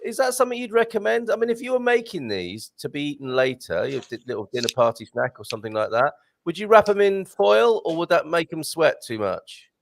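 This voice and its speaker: A man's voice: a little high, fairly quick, creaky. A man hosting a live morning show, enthusiastic and chatty with his guests. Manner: enthusiastic, animated presenter.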